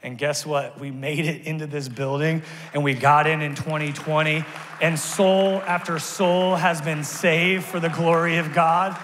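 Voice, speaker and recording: A man preaching a sermon as pastor, telling stories animatedly, climbing to shouts and then dropping soft and quiet in prayer. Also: a little high, level tone, measured pace, a little hiss or hum. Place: church auditorium. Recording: long reverb of a large church hall.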